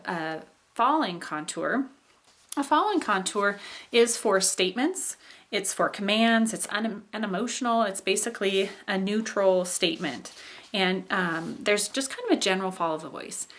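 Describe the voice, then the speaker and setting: A woman's voice: medium pitch, normal speed, a bit bright. Woman explaining intonation patterns. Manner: explanatory, with fillers and modeled example sentences. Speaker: instructor. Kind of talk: recorded phonetics lecture.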